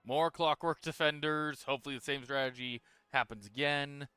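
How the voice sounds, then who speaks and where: A man's voice: medium pitch, normal speed, smooth, no echo. Tired man casually narrating his gameplay. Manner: relaxed, talks through his moves while playing. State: tired, yawning. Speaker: streamer.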